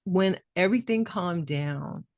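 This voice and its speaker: A middle-aged woman with a fairly low voice tells a personal story on a podcast. She talks casually and with feeling, and acts out the people she quotes. Her voice sounds close and dry, with no room echo. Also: unhurried. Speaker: podcast co-host.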